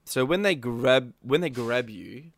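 A man's voice: medium pitch, animated, measured pace, no echo, studio quality. A man casually retelling a gaming roleplay story, rambling and laughing often. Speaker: gamer recounting a roleplay session.

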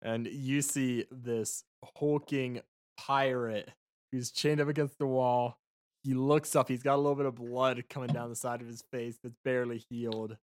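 A man narrates a tabletop game as its game master, loose and quick to laugh. His voice sits at an ordinary pitch and is recorded close and dry, with almost no room sound. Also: little pitch movement, smooth, no echo.

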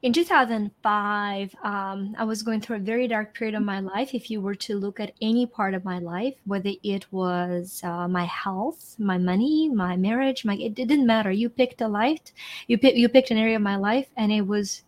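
A woman's voice: mid-range voice, normal speed. A middle-aged woman from Ukraine, a coach guest in an interview, talking expressively and repeating phrases for emphasis. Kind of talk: conversational interview.

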